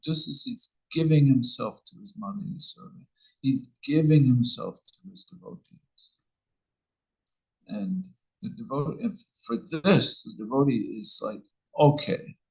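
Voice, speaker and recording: A man's voice: medium pitch, a little mellow, rough recording. A man giving an informal scripture class, telling a story in a rambling way with many restarts.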